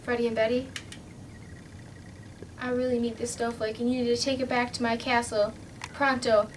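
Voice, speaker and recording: Girl doing a fairy asking for help, soft and pleading, kinda far from the mic. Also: a little high, level tone, moderate pace, lightly acted. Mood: urgent. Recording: distant mic, faint background hum.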